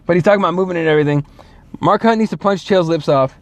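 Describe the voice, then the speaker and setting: A man's voice: high-pitched, rapid-fire, dry recording. A man hosting a casual solo show, rambling and swearing, full of fillers and restarts. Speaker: show host.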